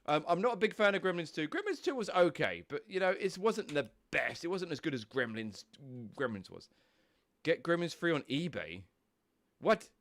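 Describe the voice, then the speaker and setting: Streamer, young man, congested and snotty, loose chatty delivery with casual swearing, a touch high-pitched. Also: fairly bright tone. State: stuffy nose from a cold. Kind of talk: casual live-stream chat.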